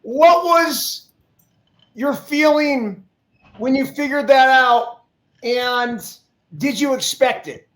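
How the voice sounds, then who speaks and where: Man, podcast host, high voice, relaxed questions, roomy echo. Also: slow pace, pauses often. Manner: relaxed, asks short questions. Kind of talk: casual podcast interview. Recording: echoey room.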